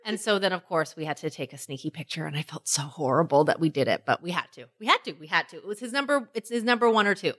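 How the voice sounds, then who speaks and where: A woman co-hosting a casual chat, telling stories in an animated way, swearing freely and acting out what people said. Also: low voice, fast, few pauses. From Canada.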